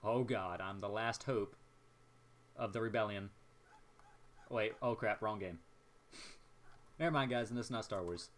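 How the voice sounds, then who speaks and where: A young man casually commentating his own naval battle game, excitable and jokey, talking to himself as he plays. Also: lowish voice, a little slow, pauses often, slight background noise. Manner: excitable, jokey, talks to himself while playing. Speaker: gameplay commentator.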